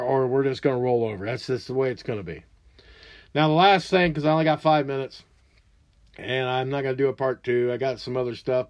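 Profane ranting man in his forties. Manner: angry, profane, loud outbursts then low mutters. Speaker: podcast host. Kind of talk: ranting solo monologue.

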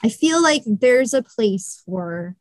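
A woman's voice: a little high, animated, slow, dry recording. A woman hosting a podcast in casual chat, talking things through with frequent restarts. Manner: chatty, thinks aloud with many restarts. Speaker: podcast host.

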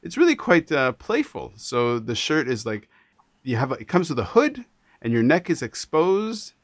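A man from Canada hosting a casual interview, animated and talking in quick restarts and repeated words. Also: mid-range voice, no room sound, clean studio sound. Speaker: podcast host.

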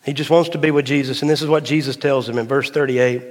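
A man, a pastor, preaching a sermon dramatically, rising louder and higher at climaxes and dropping low and slow for emphasis, with folksy asides. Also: fairly even intonation. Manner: folksy, tells a dad joke. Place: church sanctuary. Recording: long hall reverb of a church.

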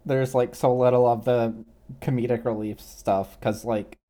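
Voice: mid-range voice, steady tone, measured pace, dark tone. A podcast co-host in casual chat, wry and filler-heavy.

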